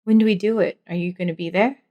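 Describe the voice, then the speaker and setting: A woman voicing a cautious male worker in a tabletop game, speaking in a hushed, conspiratorial way. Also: on the low side, steady tone, fast, highs cut off, natural voice. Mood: wary.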